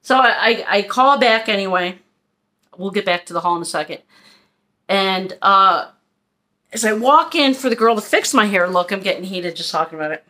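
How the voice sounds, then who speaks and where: A woman's voice: mid-range voice, animated, moderate pace, pushed and bright. A woman tells a long story in a casual vlog. She vents and rambles, with asides, and acts out what people said. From Philadelphia, USA. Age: 50s. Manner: chatty, venting, acts out quotes. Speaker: haul vlogger.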